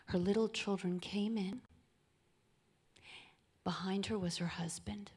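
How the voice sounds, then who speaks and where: A woman giving an inspirational talk on marriage, often dropping into a soft, intimate near-whisper. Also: medium pitch, fairly even intonation, slow, breathy edge. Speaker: speaker at a charity event.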